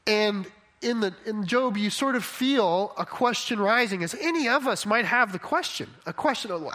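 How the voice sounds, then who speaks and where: A man with a notably high voice delivers a sermon in a relaxed, conversational way. He keeps checking in with his listeners as he explains his point. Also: normal speed. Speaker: preacher.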